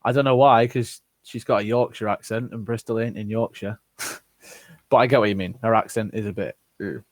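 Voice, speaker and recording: This channel host answers his live chat bluntly and profanely, reading viewers' comments out loud in a casual stream. His voice is lowish and brisk with fairly even intonation, recorded without echo.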